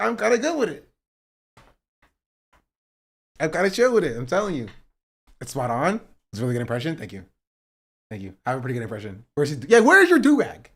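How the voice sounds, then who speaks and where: A young man talks through a stream reaction, mocking and chuckling as he goes. His pitch swings widely, rising and dropping with every jab. He keeps it loose and conversational. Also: a bit bright, breathy edge. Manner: sarcastic, laughing often. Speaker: livestream host. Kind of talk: casual stream commentary.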